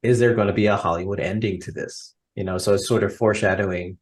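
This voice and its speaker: American male podcast co-host, low-ish voice, chatty and enthusiastic. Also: steady tone, quick pace. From United States. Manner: chatty and enthusiastic, many fillers. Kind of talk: casual chat.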